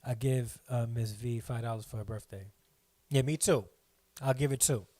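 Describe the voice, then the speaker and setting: A man's voice: mid-range voice, fairly even intonation, normal speed, warm tone, dry recording. A middle-aged man hosting a live stream from home, chatting casually, rambling and reading viewer comments aloud.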